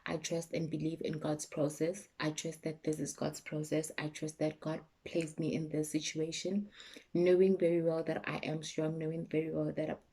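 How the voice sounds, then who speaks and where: A young South African woman with a South African accent, talking candidly and emotionally to her vlog viewers, sometimes dropping to a soft, low voice. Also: little pitch movement, normal speed, slightly rough. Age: young adult. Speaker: YouTuber. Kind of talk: personal vlog chat.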